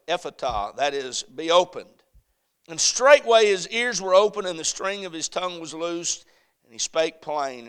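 A pastor preaching an evening sermon, rising to impassioned shouting and falling to a hushed prayer. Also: male voice, mid-range voice, clean tone. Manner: fervent preaching that swells to shouting, then drops to a hushed prayer.

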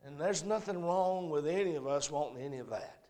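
A man preaching a sermon in a church, swinging between hushed lines and shouted ones. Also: a little high, brisk. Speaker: pastor. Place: church sanctuary.

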